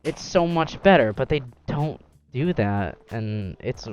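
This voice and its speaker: A young man, host of a gaming channel, chatting casually while playing, rambling with animated acted-out quotes. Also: medium pitch, slow, lo-fi sound.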